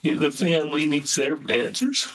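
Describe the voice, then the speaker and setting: A man's voice: fairly high pitch, animated, moderate pace, a little hiss or hum, rough recording. A man, a father, urging his son in a repetitive, pleading way. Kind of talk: pleading conversation.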